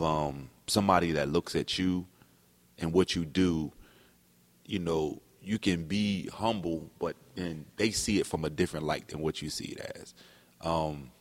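A man with a very low voice hosts a podcast and tells stories from his youth, lively and animated, slipping into the voices of the people he quotes. His voice carries a long reverberant tail, as if the room were large and hard. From New Jersey. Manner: animated storyteller who acts out quotes. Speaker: podcast host. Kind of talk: casual reminiscing chat.

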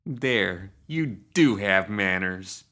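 Huge ladylike monster woman with horns, speaking deep and smoky, slow and sardonic, as a male narrator puts her on. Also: sharp tone. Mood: dry. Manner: slow, dry and prim.

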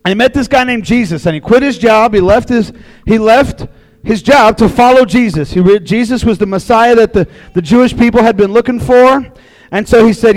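A man preaching a casual sermon to a group, telling a Bible story in a chatty, animated way. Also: very high voice, brisk, no echo, poor audio. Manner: chatty and animated, acting out voices in quotes. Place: room with a live audience.

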